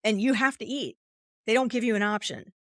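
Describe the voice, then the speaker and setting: A woman's voice: on the high side, fairly quick, dry recording, clean studio sound. A woman coach speaking as a podcast guest, explaining ideas expressively and acting out inner voices. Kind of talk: podcast interview conversation.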